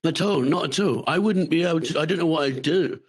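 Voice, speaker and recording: A man's voice: a little high, fairly quick, slightly rough. Chatty man telling rambling stories. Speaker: podcast co-host. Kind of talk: casual chat. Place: remote recording.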